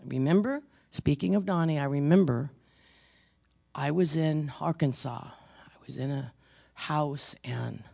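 Older woman preacher, gravelly voice, rambling storyteller, dry close sound. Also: low voice, a little slow, dry recording. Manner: rambling, repeats words, swings from hushed to emphatic. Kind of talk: sermon with personal stories.

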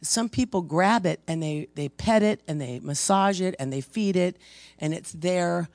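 A man teaches in a conversational, storytelling way, pressing hard on his key points and stumbling into restarts as he goes. His voice has a gravelly texture. The recording is close and dry. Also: high-pitched, a little slow, darkish tone, dry recording. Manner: emphatic, storytelling, frequent restarts. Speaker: preacher.

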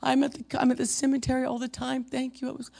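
A preacher voicing a grieving young mother who talks in a rushed, breathless way. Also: high voice, completely flat delivery, vocal fry, a little mellow, pitched above the performer's own voice. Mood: grateful, rushed.

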